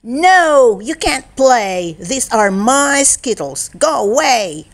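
A woman's voice: a little high, very animated, takes it slowly, pitched above the performer's own voice. A woman voicing a selfish, bossy young female dinosaur in a children's storybook read-aloud. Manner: possessive, stubborn, shouting demands.

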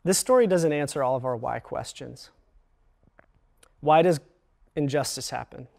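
A man giving a chapel sermon in an earnest, measured way, slowing down for emphasis and pausing often. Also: medium pitch, creaky, darkish tone. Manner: earnest, measured, with slow dramatic pauses. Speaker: chapel speaker.

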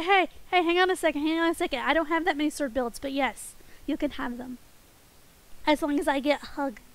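A woman's voice: sits high, poor audio. A woman streaming a game and chatting playfully with her viewers, giggling often. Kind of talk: casual game stream chat with chat.

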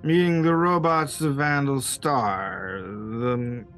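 A man voicing a drowsy, drugged male cat who captains a spaceship, speaking slowly and slurring over an intercom. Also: medium pitch, steady tone, a bit bright, soft background music.

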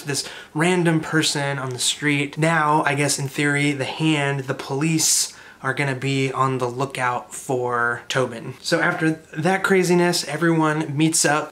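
A man's voice: medium pitch, pushed and bright. A man casually recapping a tabletop game session in a loose, rambling way with lots of filler words. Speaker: storyteller recapping a tabletop campaign.

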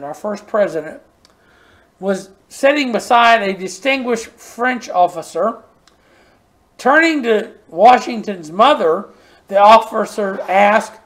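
An older man preaching a sermon, telling homespun stories and repeating words for emphasis, sometimes dropping to a soft near-whisper. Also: sits high. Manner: folksy storytelling, repeats words when stressing a point.

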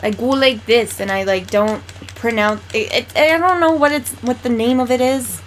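A woman chatting casually beside a friend's gameplay, reading aloud haltingly and stumbling over words. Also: fairly high pitch, slight background noise. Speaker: game co-host. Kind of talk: casual chat.

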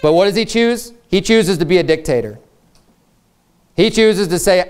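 A man delivers a sermon in an earnest, emphatic way and repeats his key phrases to drive them home. His voice sits somewhat high for a man, with a smooth and resonant tone. He shifts into a formal, old-fashioned cadence when he reads scripture aloud. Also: moderate pace, pauses often. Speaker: pastor.

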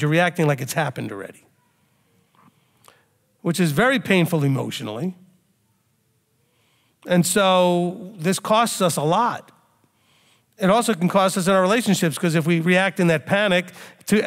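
A man preaching a sermon as a rabbi, teaching in a conversational way and now and then acting out a panicked outburst. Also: high voice. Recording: reverberant hall.

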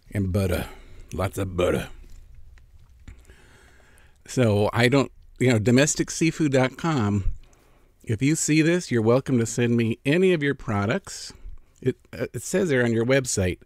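A man's voice: mid-range voice, lively intonation, measured pace, long pauses, a little mellow, no room sound, clean studio sound. A middle-aged man from California chatting casually as a food vlogger, savoring each bite between remarks. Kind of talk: casual mukbang eating vlog.

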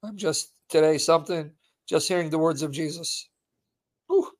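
A fervent man preaching live on a stream, with a voice pitched a little high for a man. He hammers points home by repeating them, and he is close to tears as he speaks. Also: normal speed. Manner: emphatic, repeats lines for stress. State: emotional, voice catching.

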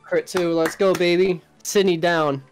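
A man's voice: sits high, fairly even intonation, unhurried, soft background music. A man chatting casually as a co-op streaming partner, teasing and friendly. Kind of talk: casual gameplay chat.

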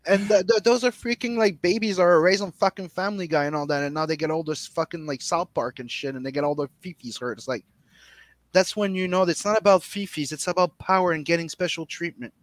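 A man from Canada hosting a casual podcast chat, animated and profane, often stammering and restarting his sentences. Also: on the high side, brisk. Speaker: podcast host.

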